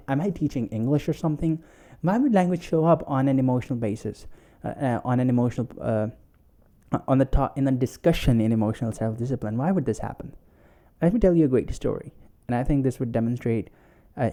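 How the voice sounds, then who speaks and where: A man's voice: medium pitch, warm tone. A man hosting a solo self-help podcast, telling a story and acting out quotes, with many fillers and restarts. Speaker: podcast host.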